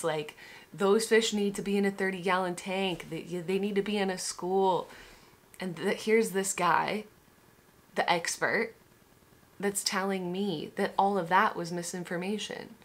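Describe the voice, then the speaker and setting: A young woman talking candidly in a casual vlog monologue, emotional and swearing freely, with frequent restarts. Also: lowish voice. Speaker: vlogger.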